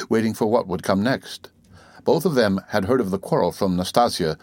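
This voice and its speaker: A man narrating an audiobook in a measured reading voice. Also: lowish voice, no room sound. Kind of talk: scripted narration.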